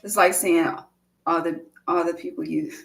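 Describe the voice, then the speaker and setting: A woman's voice: fairly low pitch, fairly even intonation, moderate pace, vocal fry, very noisy. Chatty, cursing woman reading tarot. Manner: rambling, profane and chatty. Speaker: tarot reader.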